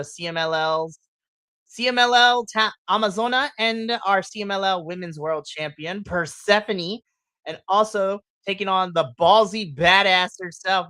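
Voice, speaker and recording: Excitable, laughing podcast co-host. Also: mid-range voice, no echo. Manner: excitable, laughs often, breaks into loud exclamations. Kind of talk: casual post-show chat.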